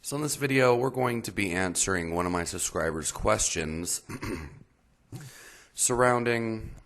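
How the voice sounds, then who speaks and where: A man hosts his own health channel, giving a casual explainer that meanders along with many fillers and pauses. His voice is fairly low-pitched and a bit bright, with lively intonation.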